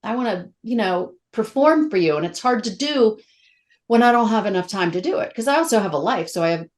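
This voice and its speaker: A middle-aged actress speaking as a guest in a casual interview, candid and emotional, telling stories with a lot of feeling. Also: female voice, medium pitch, fairly quick. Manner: candid, emotional, animated storytelling.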